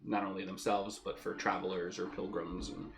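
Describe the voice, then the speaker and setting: A man narrating as game master of a tabletop game, relaxed and descriptive with easy fillers. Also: low-pitched, normal speed, creaky.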